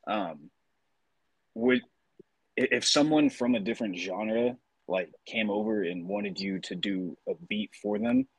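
A man's voice: on the low side, huge pitch swings, measured pace, vocal fry, husky, no echo, poor audio. A man co-hosting a podcast, asking long rambling questions full of fillers and restarts. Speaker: podcast co-host. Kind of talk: casual chat.

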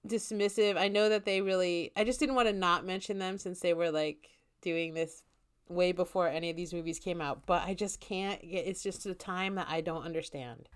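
A woman's voice: fairly low pitch, normal speed, clean tone. Chatty woman podcast co-host. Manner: chatty, laughs often, many fillers. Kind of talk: casual chat.

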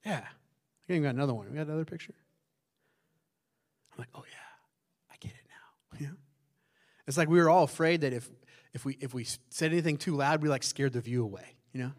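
A male pastor, preaching in a loud, conversational way that keeps asking the congregation questions and drops into hushed tones for emphasis. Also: on the high side, quick pace. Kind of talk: conversational sermon.

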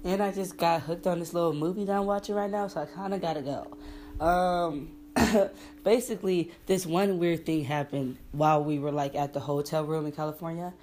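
A woman's voice: lowish voice, steady tone, normal speed, darkish tone, a little hiss or hum. A young woman hosting a casual podcast, rambling through a story with heavy slang and swearing while she acts out what people said. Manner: rambling, profane and slangy, acting out quotes. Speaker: podcast host.

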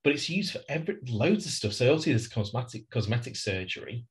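A man's voice: mid-range voice, very animated, quick pace. A man co-hosting a casual TV rewatch podcast, chatty and prone to laughing while he explains facts. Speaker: podcast co-host. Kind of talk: casual chat with trivia segment.

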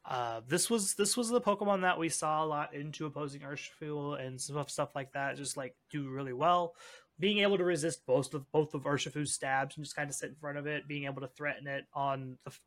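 A man with a somewhat high-pitched voice, co-hosting a casual podcast. He talks through game picks in a chatty way and tosses in joking asides. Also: brisk, fairly bright tone. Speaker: podcast co-host. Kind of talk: casual chat about competitive game strategy.

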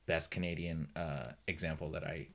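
A man's voice: extremely low pitch, flat delivery, normal speed, a bit bright. A man co-hosting a podcast in casual chat, playful and teasing, laughing often. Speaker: podcast co-host.

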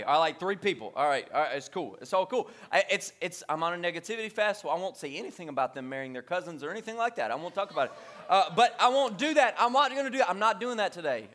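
High-voiced joking male preacher. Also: a bit bright. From Louisiana. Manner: joking, conversational preaching with repeated refrains. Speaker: pastor. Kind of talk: sermon. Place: church.

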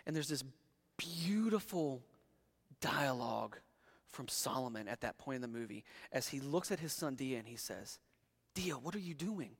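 A man's voice: mid-range voice, lively intonation, normal speed, vocal fry, long reverb tail. A young man preaching a sermon, talking conversationally with restarts and building to emphatic peaks. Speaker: pastor.

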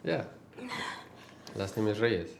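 A woman with an unusually deep voice teases her partner over a meal. Her pitch swings widely as she jokes and laughs. The sound is roomy and echoey, with faint ambience behind her. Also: lively intonation, slow, creaky, slight background noise. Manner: teasing, playful, laughing. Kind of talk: casual chat with a partner.

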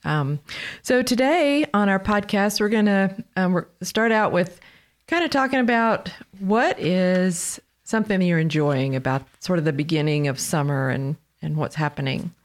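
Gentle Pittsburgh-area woman podcast host. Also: on the low side, moderate pace. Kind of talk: casual faith podcast chat.

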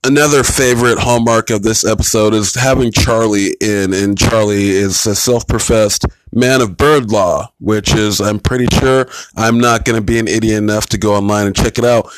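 A man's voice: fairly low pitch, fairly even intonation, normal speed, dry recording, low-quality recording. A man casually reviewing TV episodes, retelling scenes in a blunt, profane, rambling way.

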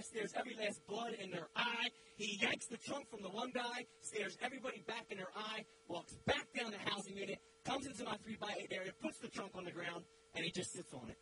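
High-voiced man preaching over loud hum. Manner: dramatic storyteller, builds to loud emphatic peaks. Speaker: guest preacher. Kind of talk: sermon with storytelling. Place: church.

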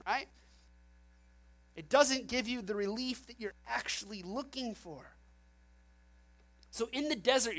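Woman preacher, middle-aged, chatty animated sermon delivery, mid pitch. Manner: lively, conversational preaching with acted quotes and laughs.

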